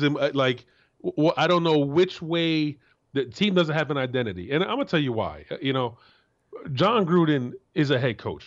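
A man in his forties from Florida, co-hosting a sports talk show as a former player, blunt and profane, jumping into a high voice to act out quotes. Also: muffled recording. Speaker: co-host, former NFL player.

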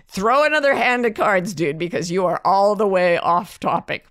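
A woman co-hosting a podcast in easy, chatty conversation. She spins anecdotes with lively energy and slips into little voices for the quotes. Her voice sits mid-range, and the recording is close and dry. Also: medium pitch, unhurried, dry recording. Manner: animated storyteller, acts out quotes. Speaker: podcast co-host. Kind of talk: casual chat.

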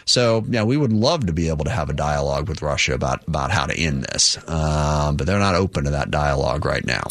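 A congressman being interviewed, giving measured and explanatory answers broken by fillers. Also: rumbling low, expressive, fairly bright tone, dry recording. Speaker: congressman guest. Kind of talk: news interview.

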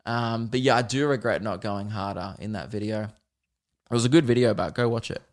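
A man's voice: on the low side, fairly quick. A young man hosting his own podcast as a comedian, rambling casually, swearing often and laughing at his own stories. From Australia. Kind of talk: casual solo podcast chat.

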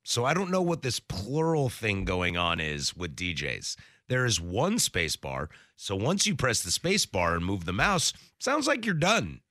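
A man's voice: on the low side, wildly swooping pitch, measured pace, pushed and bright, dry recording. A man co-hosting a sports radio show, bantering playfully and enunciating every consonant theatrically.

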